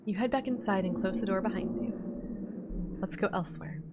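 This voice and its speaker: Woman reading a horror game aloud and chatting, mid pitch, hissy noisy mic. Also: brisk. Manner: chatty, reads narration then comments with laughs. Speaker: let's play gamer voicing a visual novel. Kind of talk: reading and playing a horror visual novel aloud.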